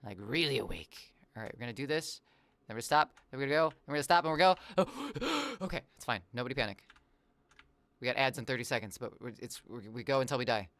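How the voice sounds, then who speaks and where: A variety streamer chatting casually while gaming, rambling playfully, drifting into musing asides and reacting to chat with quick exclamations. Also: mid-range voice, big pitch swings, a bit bright, dry recording.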